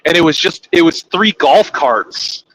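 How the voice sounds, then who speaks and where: A man's voice: a little high, expressive, a little slow, a bit bright, a little hiss or hum, rough recording. A man who drives trucks, telling a casual story in a rambling, profane way. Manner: rambling, profane, acts out quoted people.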